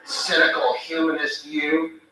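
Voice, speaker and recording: A man delivering a sardonic stand-up routine, his voice sharp and piercing. He is heard from a distance in a very echoey room, with a faint hiss underneath. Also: fairly high pitch, monotone, unhurried. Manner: sardonic, mocking impressions. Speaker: stand-up comic.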